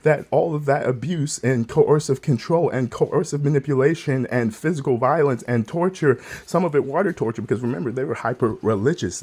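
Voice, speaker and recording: A man's voice: mid-range voice, darkish tone, breathy edge. A young man talking through hard personal memories in a rambling, emotional monologue that is full of swearing. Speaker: vlogger.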